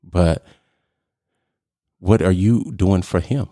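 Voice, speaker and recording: A man's voice: low-pitched, slow pace, warm tone, no room sound, studio quality. A man hosting a podcast, talking casually and emphatically in a ranting way. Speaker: podcast host.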